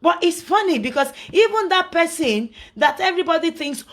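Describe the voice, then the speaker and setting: A woman's voice: extremely high pitch, animated, moderate pace, a bit bright. A middle-aged woman with a Nigerian accent, talking casually to her followers, indignant and preachy, full of rhetorical questions. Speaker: social media personality.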